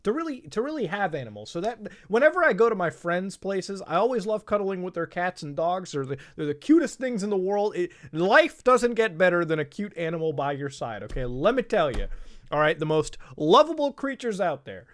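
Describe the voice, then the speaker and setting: A man with a fairly high voice hosts an online commentary. He rants with heat and plenty of swearing, mixing sarcasm into chatty asides aimed right at his viewers. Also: big pitch swings, a little fast, fairly bright tone. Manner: profane, heated and sarcastic; chatty, addresses viewers directly. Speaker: host.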